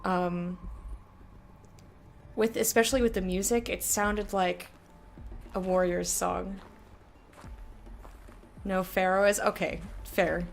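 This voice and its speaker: A woman's voice: mid-range voice, flat delivery, takes it slowly, gravelly, long pauses. Chatty woman streaming a game. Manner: chatty and reactive, talks to chat, laughs often. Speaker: streamer playing a video game. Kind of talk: casual live commentary.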